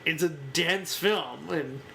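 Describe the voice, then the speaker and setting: A man co-hosting a casual film-discussion podcast, relaxed, laughing easily and searching for words. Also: a little high, takes it slowly, vocal fry, slight background noise, low-quality recording. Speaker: podcast co-host.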